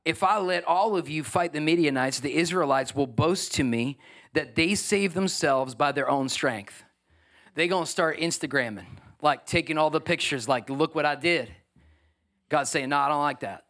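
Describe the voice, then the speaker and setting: A middle-aged man, preaching a sermon as pastor in an animated, joking way with asides to the congregation. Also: on the high side, normal speed.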